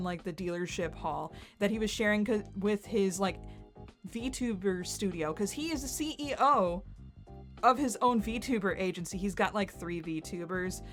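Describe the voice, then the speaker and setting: A woman's voice: mid-range voice, measured pace, faint music behind. A woman in her thirties telling a rambling story casually, giggling often, filling her talk with "like" and acting out what others said. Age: 30s. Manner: giggly and self-deprecating, heavy use of "like"; animated, voices others in quoted asides. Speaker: channel host.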